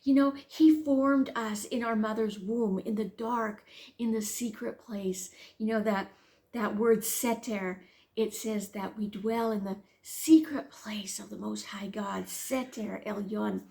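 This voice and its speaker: Her voice is mid-range and gravelly, and she takes her time. This middle-aged woman teaches the Bible through a personal story, performing her inner thoughts with storyteller flair before shifting into sincere, tender encouragement.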